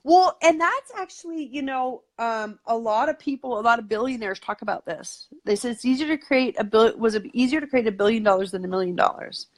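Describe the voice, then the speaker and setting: A woman guest in a casual interview talks eagerly and at length, scattering "like" and "you know" everywhere. Her voice is on the high side, brisk, with few pauses.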